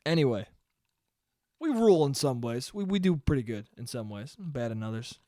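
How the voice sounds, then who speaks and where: A man's voice: medium pitch, expressive, moderate pace, dark tone, dry recording, studio quality. A young man ranting casually and profanely on his own podcast, rambling and joking. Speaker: podcast host. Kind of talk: solo casual podcast rant.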